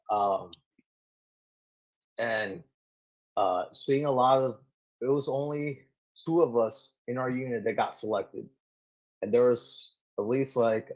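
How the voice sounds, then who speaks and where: Marine guest, man in his 30s, mid-pitched, lively storyteller, full of "like"s, slightly muffled lo-fi sound. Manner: animated, filler-heavy storytelling with many "like"s. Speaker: Marine gunnery sergeant guest. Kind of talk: casual storytelling in an interview. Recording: slightly dull lo-fi audio.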